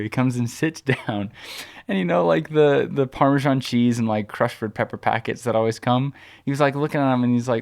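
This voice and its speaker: A man's voice: medium pitch, a little fast, creaky. Chatty man rambling through a story. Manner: rambling, animated anecdote-telling, full of fillers like "like". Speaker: podcast co-host. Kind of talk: casual storytelling chat.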